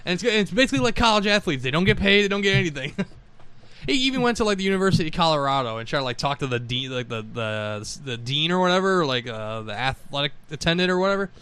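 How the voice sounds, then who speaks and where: A man's voice: a little high, lively intonation, quick pace, bright, forceful tone, clear, resonant tone. A man hosting a casual podcast, easygoing and laughing often. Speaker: podcast host.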